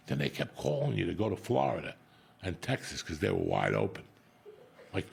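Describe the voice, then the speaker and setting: A man's voice: deep voice, lively intonation, moderate pace, gravelly, a little mellow, husky. A middle-aged man, a comedian host telling a blunt, profane story in casual chat.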